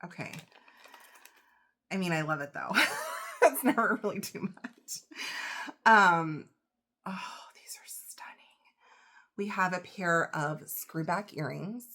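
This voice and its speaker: A woman, getting over a cold, unboxing jewelry in a casual vlog, gushing and emotional with gasps and soft whispers. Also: fairly low pitch, lively intonation, measured pace, long pauses. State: recovering from a cold. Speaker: reseller vlogger.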